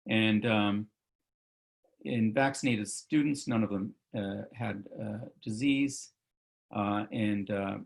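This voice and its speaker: A man's voice: lowish voice, creaky. A male physician giving an online medical lecture over slides, talking loosely with many fillers and self-corrections.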